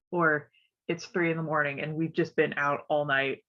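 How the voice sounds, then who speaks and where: A woman's voice: low voice, fairly even intonation, normal speed. A woman from West Virginia, stuffed up, chatting casually and rambling on a stream, laughing often. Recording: dull lo-fi audio.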